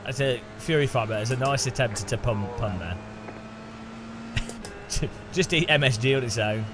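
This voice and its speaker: A man's voice: mid-range voice, animated, unhurried. A British man streaming a racing game, chatting and joking with his viewers. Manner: joking, teasing chat. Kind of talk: casual gaming commentary. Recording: music playing under voice.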